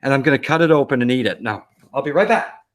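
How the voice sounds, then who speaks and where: A plain-spoken man chatting on a casual live stream, enthusiastic and down to earth. His voice sits in an ordinary middle pitch, and he keeps checking in with his listeners as he talks. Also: lively intonation, fast talker, fairly bright tone. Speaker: co-host.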